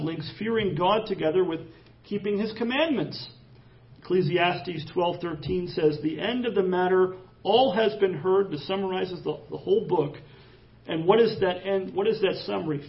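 A man preaching a sermon in a high, gravelly voice. He reads scripture aloud and drives the points home with rising emphasis. The recording sounds dull and lo-fi. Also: recorded from a distance. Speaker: pastor.

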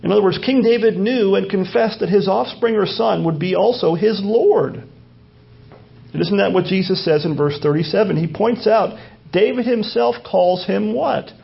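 High, gravelly-voiced man preaching. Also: normal speed. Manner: teaching, repeats phrases, asks rhetorical questions. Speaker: pastor. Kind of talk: sermon. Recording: dull lo-fi sermon recording.

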